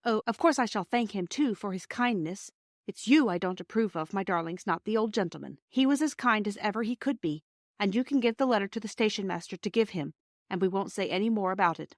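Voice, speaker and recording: A woman voicing a gentle but firm mother who speaks softly and low. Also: lively intonation, fairly quick, dry recording, studio quality, lightly acted.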